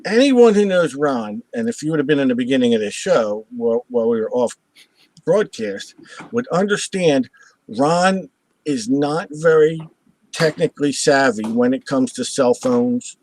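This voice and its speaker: Speaking at a normal speed in a mid-range voice, this live show host spins a story filled with laughter and voices he performs himself. He's lively and chuckles at his own jokes, though the audio is poor.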